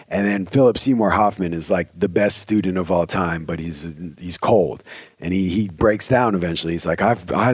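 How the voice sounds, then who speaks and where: Earnest low-voiced male host. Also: no echo. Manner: earnest, conversational, with frequent restarts. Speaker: podcast host. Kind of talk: reflective spoken commentary.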